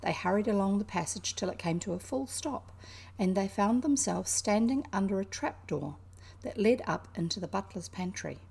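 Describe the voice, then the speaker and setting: A woman from New Zealand with a New Zealand accent, reading a classic children's novel aloud in an unhurried, expressive way. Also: medium pitch, creaky, breathy edge. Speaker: reader.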